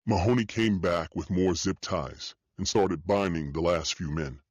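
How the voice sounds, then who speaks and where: A man narrating a thriller audiobook in the first person, steady and matter-of-fact. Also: low voice, unhurried, no echo. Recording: dull dry studio audio.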